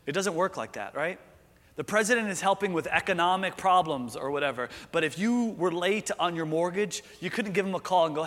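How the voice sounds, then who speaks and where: A man's voice: high-pitched, animated, a little fast, fairly bright tone, in a large hall. A man preaching a sermon in an earnest, conversational way, full of rhetorical questions. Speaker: pastor.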